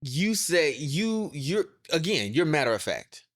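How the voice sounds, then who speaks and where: A man's voice: fairly high pitch, unhurried. Guy cohosting a podcast, laughs a lot, teasing, voice bounces all over. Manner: laughs often, teasing, expressive. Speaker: podcast co-host. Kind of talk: casual chat.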